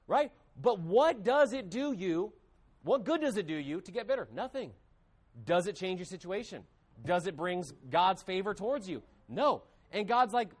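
A man's voice: high voice, expressive, normal speed. A man preaching a sermon with emphasis, acting out quoted voices. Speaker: pastor.

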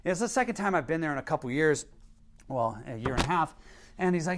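Guy preaching, kinda high voice, talks casual like he's telling a story, laughs a bunch. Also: lively intonation, quick pace, a little hiss or hum. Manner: conversational preaching, laughs at his own story. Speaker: pastor. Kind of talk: sermon with a casual personal story. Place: Idaho.

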